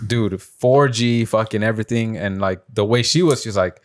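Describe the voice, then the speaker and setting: Low-voiced man rambling through a story. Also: moderate pace. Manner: rambling storytelling, many fillers, swears. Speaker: podcast host. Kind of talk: casual chat.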